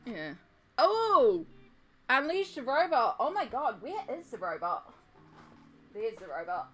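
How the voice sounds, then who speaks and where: A woman's voice: mid-range voice, wildly swooping pitch, takes it slowly. A woman streamer chatting casually with her viewers while colouring, giggly and self-deprecating. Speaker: art streamer.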